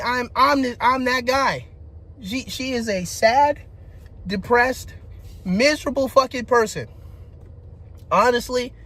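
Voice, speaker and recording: A young man ranting about his dating life, cursing heavily and restarting his sentences, his voice climbing into shouts when he gets worked up. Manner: frustrated venting with heavy profanity, restarts, pitch rising into shouting. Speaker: vlogger. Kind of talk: personal rant to camera.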